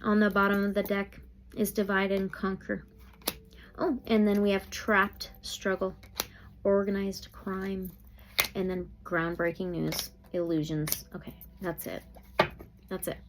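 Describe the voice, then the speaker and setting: A woman's voice: medium pitch, level tone, unhurried, slight background noise. A woman doing a tarot reading, thinking aloud and often exclaiming. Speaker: tarot reader.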